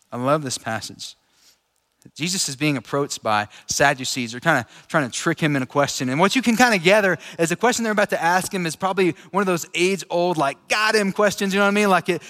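A man with a high voice delivers a loose, conversational sermon, chatty and quick to laugh. His words ring out with a long reverb, as if in a big hall with an audience. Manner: relaxed, chatty, laughs easily. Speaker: preacher. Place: large room with an audience.

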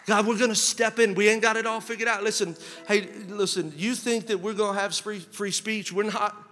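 A man preaching a sermon as pastor, asking rhetorical questions and building to shouted emphasis. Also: high-pitched, steady tone, moderate pace, long reverb tail.

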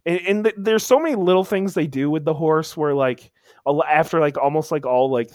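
A man's voice: fairly high pitch, brisk, a little mellow, no room sound, studio quality. A man chatting casually as a podcast co-host, telling a story with lots of restarts and emphatic bursts. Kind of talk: casual chat.

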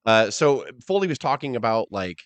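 A man hosting a casual podcast, telling rambling, profane stories and slipping into quick impressions. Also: medium pitch, sing-song, no echo. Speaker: podcast host. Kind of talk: casual wrestling talk.

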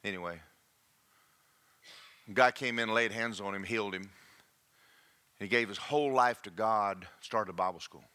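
A man's voice: fairly low pitch, a little slow, pauses often, clean tone. A man preaching a sermon to a congregation, joking and checking in with the room. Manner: animated, jokey, checks in with the congregation.

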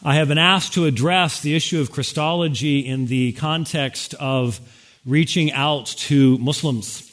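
A man giving a quick, wry sermon-style lecture to a conference audience. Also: fairly high pitch, fairly bright tone. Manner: fast-talking, wry, addressing an audience with interpreters. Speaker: speaker at a Christian conference.

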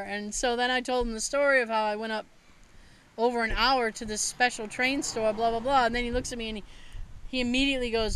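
A woman casually telling stories in a chat, animated and laughing often, with a bit of swearing. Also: a little high, fast, slight background noise, rough recording.

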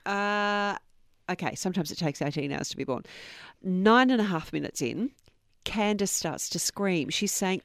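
A woman's voice: mid-range voice, animated, normal speed, creaky, dry recording, clean studio sound. A middle-aged woman hosting a true crime podcast, reading out quotes earnestly and adding personal asides. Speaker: podcast host.

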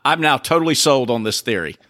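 A man on a podcast, teasing his co-host in a deadpan way. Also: mid-range voice, fast. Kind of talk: casual podcast banter.

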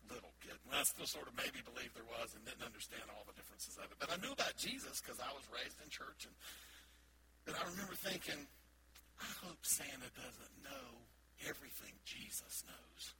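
A middle-aged man, a pastor, preaching a sermon in a church sanctuary with playful, animated storytelling. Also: medium pitch, quick pace, noisy background. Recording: loud background ambience.

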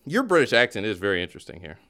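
A man hosting a casual sports talk podcast, ranting in an animated way. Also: lowish voice, very fast. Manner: animated, ranting with mock voices. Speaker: podcast host.

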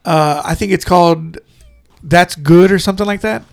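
This man speaks in a high register with a gravelly rasp to his voice. He co-hosts a podcast in casual chat, laughing often and slipping quoted lines into his stories. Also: normal speed. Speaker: podcast co-host.

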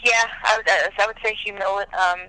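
A man chatting casually as a podcast guest, telling stories in an animated, dramatic way. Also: high-pitched, quick pace, smooth, poor audio. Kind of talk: casual chat.

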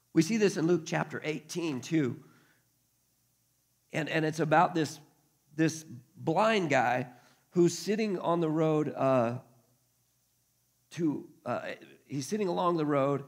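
A pastor preaching a conversational sermon, acting out quotes along the way. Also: male voice, a little high, vocal fry.

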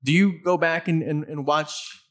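A middle-aged man hosting a casual interview, talking in a halting way and often repeating his words. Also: on the high side, fairly even intonation. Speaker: interview host.

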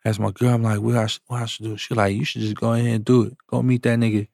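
A man, a music producer, telling a story in casual chat, slangy and animated, acting out the people he quotes. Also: medium pitch, fast, gravelly, no echo, clean studio sound.

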